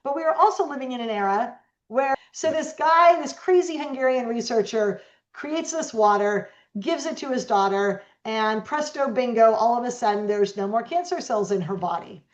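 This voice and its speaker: A middle-aged woman guest telling stories in an interview, animated and acting out the voices of the people she quotes. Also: a little high, moderate pace. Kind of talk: storytelling interview talk. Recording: echoey, dull lo-fi sound.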